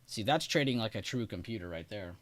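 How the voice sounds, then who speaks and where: A man hosts a live trading stream, offering casual market commentary and chatting directly with viewers in the chat. He's chatty and laughs often, speaking animatedly and fairly quickly in a voice on the low side.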